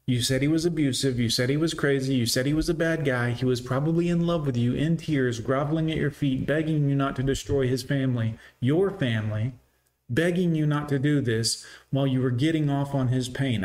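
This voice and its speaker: A man's voice: medium pitch, fairly quick, a little mellow. A man giving sarcastic, scornful reaction commentary, lecturing his listeners.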